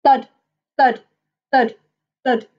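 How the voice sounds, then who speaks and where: A woman reading a children's picture book aloud in a gentle, expressive way. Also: sits high, very slow, muffled recording. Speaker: storybook reader.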